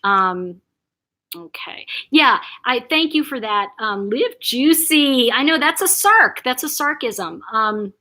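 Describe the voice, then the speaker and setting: An older woman hosting a casual live chat, reading viewer comments aloud, chatty and quick to laugh. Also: on the high side, big pitch swings. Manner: warm, chatty, reacts to comments, laughs often.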